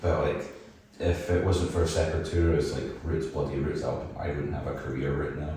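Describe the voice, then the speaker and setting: A young man with a broad Edinburgh Scottish accent talks in a rambling, self-deprecating way and laughs often. His voice sits extremely low. It is recorded from some distance in a very roomy, echoey space. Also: fairly even intonation, moderate pace, mellow, a little hiss or hum. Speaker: band vocalist guest. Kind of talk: casual podcast chat. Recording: roomy echo, mic at a distance.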